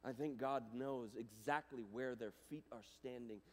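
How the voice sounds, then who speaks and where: A man giving a chapel talk to students, animated and casual, swinging between loud and hushed, with plenty of fillers. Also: mid-range voice, measured pace. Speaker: guest speaker. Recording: reverberant hall.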